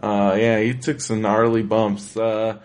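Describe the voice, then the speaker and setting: A man co-hosting a podcast in casual chat, talking excitedly and rambling with lots of fillers. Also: fairly low pitch, a little slow. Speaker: podcast co-host.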